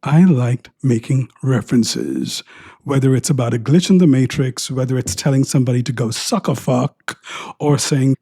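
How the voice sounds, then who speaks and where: Mellow, husky middle-aged man musing wryly. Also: medium pitch, dry recording, clean studio sound. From India. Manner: wry, joking and prone to tangents. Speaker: podcast host. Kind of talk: reflective personal monologue.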